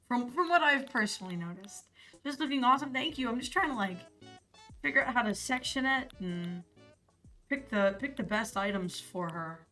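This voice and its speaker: A woman's voice: a little high, lively intonation, moderate pace, pushed and bright. A young American woman streaming, chatting casually in a rambling, profane way with lots of fillers. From United States. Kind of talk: casual live-stream chat. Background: faint music.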